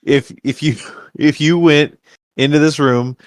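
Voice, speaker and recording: A man's voice: a little high, measured pace, no room sound, clean studio sound. A man co-hosting a podcast, chatting casually about a movie rewatch and acting out scenes with jokey voices. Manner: animated, acts out characters with jokey voices. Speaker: podcast co-host.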